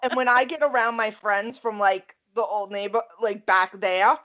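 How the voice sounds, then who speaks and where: A woman's voice: medium pitch, moderate pace, highs cut off. A middle-aged woman with a thick Queens, Long Island accent, co-hosting a casual podcast with lots of laughing and ranting. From New York. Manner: animated, laughing, rants. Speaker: podcast co-host. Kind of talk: casual chat.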